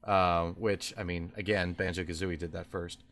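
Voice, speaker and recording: A man's voice: low-pitched, flat delivery, moderate pace, a bit bright. A man co-hosting a casual gaming podcast, talking with strong opinions and lots of fillers. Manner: opinionated, rambling with many fillers. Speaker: podcast co-host. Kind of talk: casual chat.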